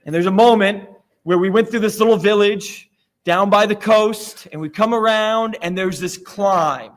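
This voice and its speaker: High-ish voiced guy from florida preaching, chatty and self-deprecating, church sermon. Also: normal speed. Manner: conversational storytelling, self-deprecating. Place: church sanctuary.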